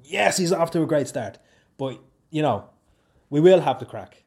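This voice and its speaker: A young Dublin man chats on his own podcast in a mellow, low-key tone. He rambles and jokes, jumping up high for emphasis, then dropping to quiet asides. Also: normal speed, gravelly. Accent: Dublin Irish. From Ireland. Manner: rambling, jokey, lively swings in pitch and loudness. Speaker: podcast host. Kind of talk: casual solo podcast chat.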